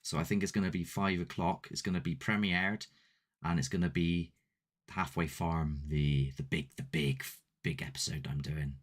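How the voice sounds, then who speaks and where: This man's voice sits low, with a steady tone and normal speed. Hosting a paranormal channel, he chats with live-stream viewers in a casual, somewhat rambling, self-deprecating manner, using a desk mic and ring light.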